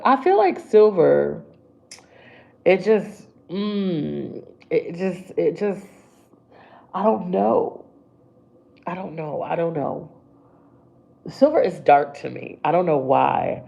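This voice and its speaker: Low gravelly woman on a lo-fi livestream. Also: lively intonation, unhurried, mellow. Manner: chatty, talks to viewers while doing her brows. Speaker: livestream makeup host. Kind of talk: casual live makeup chat.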